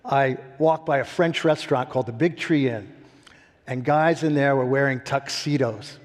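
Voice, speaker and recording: Animated older man storyteller in a reverberant hall. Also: medium pitch, normal speed. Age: 60s. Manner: animated storyteller, laughs often. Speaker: winery founder. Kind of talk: storytelling interview.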